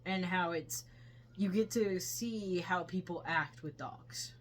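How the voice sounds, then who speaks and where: A woman's voice: fairly low pitch, slow, slight background noise. A woman co-hosting a casual movie review chat from her couch at home, chatty and laughing often. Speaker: co-host of a movie review show. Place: living room couch at home.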